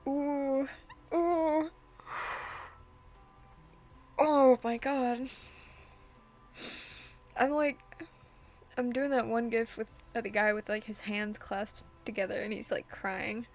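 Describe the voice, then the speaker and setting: A woman's voice: fairly high pitch, steady tone, slow pace, pauses often. A young woman streaming a visual novel, reacting in an exasperated way with frequent sighs and fillers. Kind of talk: casual gameplay commentary.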